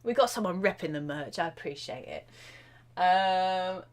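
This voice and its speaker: A woman drum teacher hosting a live question-and-answer stream, chatty and excitable, with lots of fillers and self-interruptions. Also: on the low side, a little slow.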